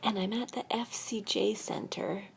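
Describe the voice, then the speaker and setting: An older woman telling her life story in a soft, half-whispered voice, a little weary, in a quiet room at a retreat center. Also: mid-range voice, steady tone, normal speed, creaky, a little hiss or hum. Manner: speaking softly, half-whispering to keep quiet. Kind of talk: personal storytelling vlog.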